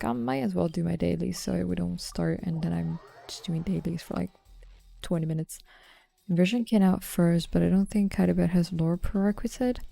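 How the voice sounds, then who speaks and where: A woman's voice: fairly low pitch, vocal fry, warm tone. A woman streamer talking casually while she plays, thinking aloud and swearing offhand. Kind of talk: live-stream gameplay commentary.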